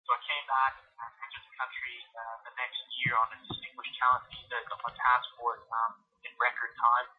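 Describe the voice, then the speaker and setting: A man's voice: mid-range voice, flat delivery, fairly quick, hardly any pauses. A man in his forties telling his story in an interview, rambling with many ums and uhs. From Canada. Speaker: ice hockey league commissioner, interview guest. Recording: tinny phone line.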